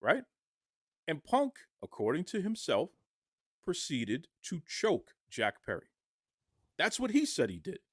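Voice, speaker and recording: A man giving impassioned podcast commentary, arguing forcefully and firing off rhetorical questions. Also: on the high side, wildly swooping pitch, measured pace, long pauses, husky, no room sound, clean studio sound.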